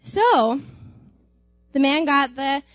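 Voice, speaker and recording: A young woman with a high voice tells a personal story in a lively, animated way, laughing as she goes and acting out screams. The recording is dry and slightly muffled, with faint music underneath. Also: extremely slow, dry recording. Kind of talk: personal anecdote told aloud.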